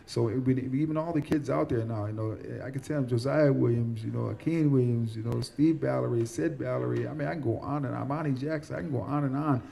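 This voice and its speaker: A man's voice: mid-range voice, fast, vocal fry, hardly any pauses, mellow. A man, a guest in a casual cafe interview, talking earnestly and often repeating words as he thinks. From Central New York. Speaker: guest, former football player.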